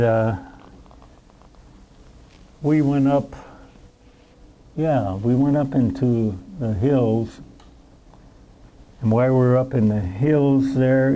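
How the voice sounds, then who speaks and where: A man's voice: mid-range voice, mellow, rough recording. Elderly veteran man telling war stories. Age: 90s. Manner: rambling storyteller who acts out the scenes. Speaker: veteran recounting war memories. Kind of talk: spoken war reminiscence at a roundtable.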